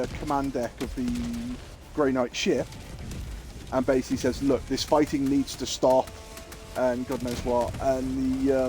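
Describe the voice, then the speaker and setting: A man's voice: medium pitch, warm tone. Rambling man streaming games. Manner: rambling, lots of fillers and restarts, swears casually. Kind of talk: livestream storytelling and gaming chat.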